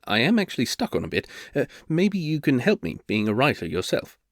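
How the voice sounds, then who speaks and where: A man's voice: medium pitch, sing-song, brisk, no echo, clean studio sound. A man voicing a flustered male bard turned reluctant duke, who stammers and hesitates nervously.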